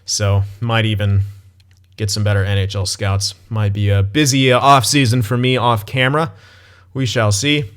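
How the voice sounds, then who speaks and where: A young man casually commenting on his gameplay as he plays, thinking aloud, swearing and blurting sudden excited outbursts. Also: on the low side, normal speed. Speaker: gaming channel host.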